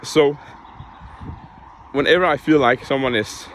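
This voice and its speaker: A man's voice: mid-range voice, unhurried, a little hiss or hum. Young man venting in a casual vlog. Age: young adult. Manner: frank, heated, swears often. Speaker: vlogger.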